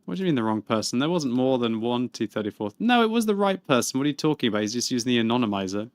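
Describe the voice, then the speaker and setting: A man, chatting and laughing through live gaming stream commentary, with excitable outbursts. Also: medium pitch, very fast. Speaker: game streamer.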